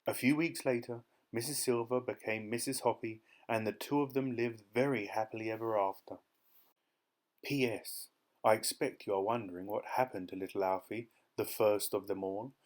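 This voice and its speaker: A male audiobook narrator reading a children's story in a lively, expressive way. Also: fairly low pitch, moderate pace.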